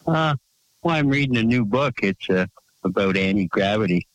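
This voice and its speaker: A man calling into a late-night radio show, answering hesitantly with lots of fillers and short deadpan replies. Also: on the low side, normal speed, no room sound, poor audio. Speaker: regular caller. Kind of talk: casual call-in chat.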